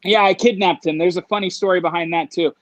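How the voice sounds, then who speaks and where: High-voiced man telling a wild story. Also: fast, no echo, low-quality recording. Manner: animated, acts out voices, laughs while telling. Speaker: guest. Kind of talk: casual storytelling.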